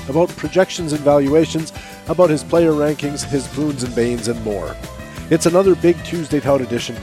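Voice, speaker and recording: A man hosting a baseball radio talk show, his voice stuffy and nasal from a cold. He speaks at a middling pitch, with clear music playing under him. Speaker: host.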